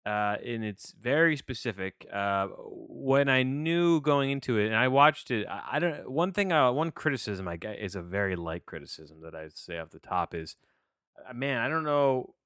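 A man's voice: mid-range voice, expressive, moderate pace, a bit bright, smooth, no room sound, studio quality. A man hosting a casual movie review podcast, talking in a loose, rambling way with many fillers and restarts. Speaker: podcast host.

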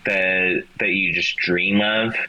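A man with a mild Texan twang talks in a low, bright, forceful voice as a podcast guest. He stumbles through restarts and fillers, candid and a bit profane. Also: fairly even intonation, muffled recording. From Texas. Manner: halting, many restarts and ums, candid and profane. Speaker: podcast guest, metal guitarist. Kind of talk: casual interview chat.

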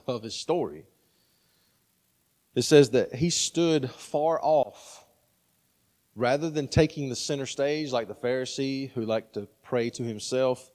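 A man's voice: fairly low pitch, a little mellow, long reverb tail. A man in his thirties preaching a sermon in a conversational way, often checking in with "right?". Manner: conversational, frequent "right?" asides. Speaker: pastor.

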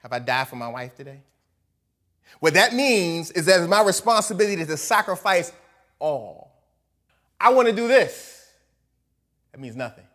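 A man preaching a sermon, animated, moving between loud emphatic lines and soft asides, often laughing. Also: on the high side, normal speed. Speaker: pastor.

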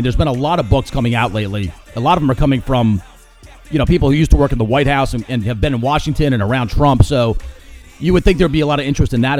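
A man with a mid-range, slightly mellow voice hosts a solo podcast of opinionated commentary. He rants about current events, full of sarcasm and mockery.

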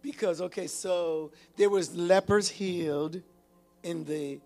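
High-voiced preacher man, animated. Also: slow pace, faint music behind. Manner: animated preaching with call-and-response; repeats and restarts phrases. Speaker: pastor. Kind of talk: sermon.

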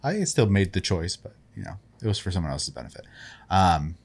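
Low-voiced man, halting casual talk. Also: big pitch swings, husky. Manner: hesitant, many fillers and restarts, chuckles. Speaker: podcast co-host. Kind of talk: casual chat.

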